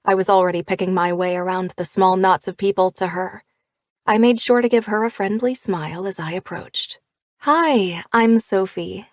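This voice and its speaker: A woman narrating a first-person audiobook in a lively, expressive way. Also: medium pitch, brisk, no room sound, studio quality.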